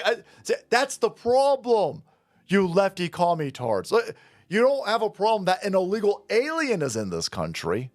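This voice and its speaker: A man's voice: high voice, dry recording, clean studio sound. A man ranting sarcastically and indignantly in a commentary vlog, with frequent swearing. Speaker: political commentator.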